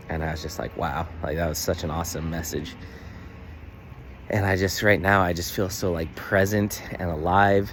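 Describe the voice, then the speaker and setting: Earnest male vlogger, very low voice, phone camera outdoors, faint hiss behind. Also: level tone, normal speed. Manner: earnest, emotional, many fillers. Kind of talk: casual daily vlog. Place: outdoors in the sun.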